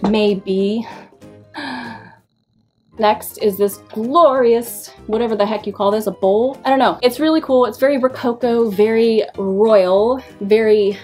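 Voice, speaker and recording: A woman's voice: fairly high pitch, steady tone, unhurried, a little mellow, soft background music. A young woman from the West Coast, chatting casually in a haul video, bubbly and rambling with playful asides. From West Coast of the United States. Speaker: thrift haul vlogger and online seller.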